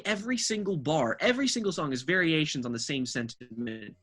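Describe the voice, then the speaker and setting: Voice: mid-range voice, lively intonation, fairly quick, hardly any pauses, fairly bright tone. A podcast co-host ranting through an album review with exasperated, profane, cutting remarks.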